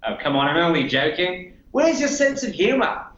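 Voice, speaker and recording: A man's voice: high-pitched, sing-song, normal speed, fairly bright tone, roomy sound, lo-fi sound, a little hiss or hum. A man doing a laid-back Australian bloke. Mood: joking. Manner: casual, teasing.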